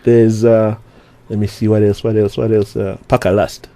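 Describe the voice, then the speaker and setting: A man's voice: on the low side, little pitch movement, moderate pace, mellow. A man hosting a casual interview, talking loosely with lots of stammered restarts and frequent laughter. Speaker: radio show host.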